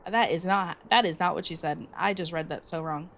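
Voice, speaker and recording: A woman's voice: fairly low pitch, fairly quick, vocal fry, a bit bright, slight background noise. A woman streaming a game, chatting casually between reading lines, laughing and stumbling over names. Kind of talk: casual gaming commentary.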